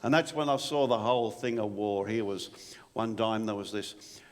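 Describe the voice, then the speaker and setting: A man's voice: lowish voice, normal speed, natural voice. A man with an Australian accent playing an old bushman telling a rambling, stammering storytelling monologue about his soldiering days. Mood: reminiscing. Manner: rambling, stammering yarn with repeated "and, and". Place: live performance venue. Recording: long reverb in a venue hall.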